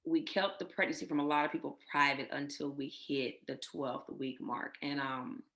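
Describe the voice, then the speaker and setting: A woman's voice: low-pitched, fairly even intonation, normal speed, a bit bright. A woman guest telling her personal infertility story in an interview, emotional and full of faith, often quoting what others said. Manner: emotional, faith-filled, retells others' words.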